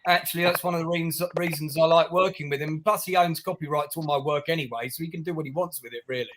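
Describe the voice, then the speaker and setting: A man's voice: a little high, steady tone, fast. A man who hosts the chat as a writer-director, speaking hesitantly with many restarts. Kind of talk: casual chat. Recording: noisy background.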